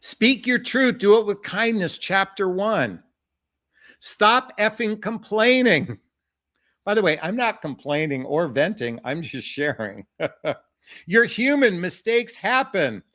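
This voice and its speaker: With a high-sitting, slightly bright voice, a middle-aged man coaches on dating right into the camera. He's emphatic and impassioned, repeatedly referring to viewers as "folks."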